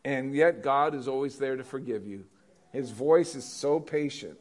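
A man's voice: mid-range voice, moderate pace. A pastor preaching a sermon in a conversational way, asking his congregation questions.

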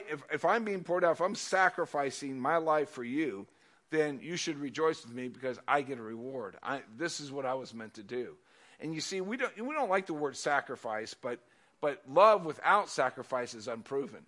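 Man, high voice, preaching, conversational sermon, loud then quiet, repeats himself. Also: moderate pace. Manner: animated, swings between loud emphasis and soft asides, repeats words. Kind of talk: casual sermon.

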